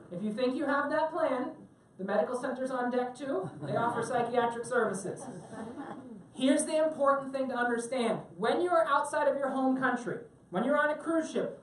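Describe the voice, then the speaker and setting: A woman's voice: high voice, slight background noise. A woman teaching a tech class to a live audience on a cruise ship, chatty and joking and asking the room questions. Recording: very echoey room, mic at a distance.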